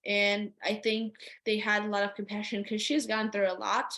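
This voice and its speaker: A young woman from Ukraine, a native Russian speaker, answering interview questions in a thoughtful way, often pausing and restarting her phrases. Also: medium pitch, completely flat delivery, a bit bright. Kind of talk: personal interview.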